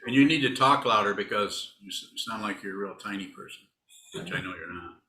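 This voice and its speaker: A man, a Buddhist teacher, talks through a dharma talk in a rambling, teasing, conversational way. His voice sits low and sounds forceful and bright, and the room around him is echoey. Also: fairly quick, slight background noise. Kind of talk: dharma talk answering students.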